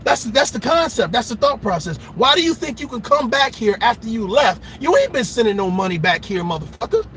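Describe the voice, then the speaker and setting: A man's voice: extremely high pitch, sing-song, fairly quick, few pauses, a bit bright, slight background noise. A man hosting a reaction channel, delivering an impassioned, profane, preachy rant. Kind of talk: ranting commentary.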